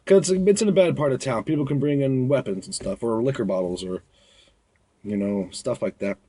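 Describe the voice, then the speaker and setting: A man's voice: mid-range voice, brisk, mellow, slightly rough. A young man who works as a bar bouncer, telling stories in a blunt, rambling way and acting out drunk patrons. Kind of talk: casual storytelling vlog.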